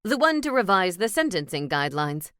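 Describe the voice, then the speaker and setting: Chatty helpful male ghost, read by a woman, earnest, mid-pitched. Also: big pitch swings, fairly quick, fairly bright tone, smooth, no echo, clean studio sound. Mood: eager.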